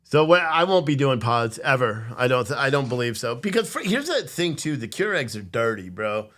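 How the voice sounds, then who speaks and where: A man's voice: medium pitch, sing-song, moderate pace, fairly bright tone. A tired man hosting a casual livestream, reading viewer comments aloud and joking with plenty of swearing. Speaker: livestream host selling coffee. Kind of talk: casual live-chat commentary.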